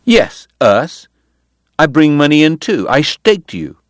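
A quarrelsome, sharp-tongued woman who needles and scolds, voiced by a male narrator in a raised register. The sound stays close and dry, her lines clipped and combative. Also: fairly high pitch, sing-song, takes it slowly, dry recording, voice pushed up. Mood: sharp, bickering. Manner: nagging, bickering. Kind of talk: audiobook character voice.

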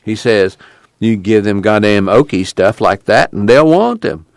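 A man's voice: animated, unhurried, vocal fry, dry recording, studio quality. A man doing a profane tubby Okie migrant. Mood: indignant. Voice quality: blunt, profane, raised pitch. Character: gruff tubby middle-aged male migrant, blunt storyteller.

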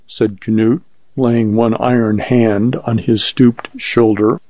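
A man reading a story aloud as narrator in a measured, even way. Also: mid-range voice, no room sound. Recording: muffled lo-fi recording.

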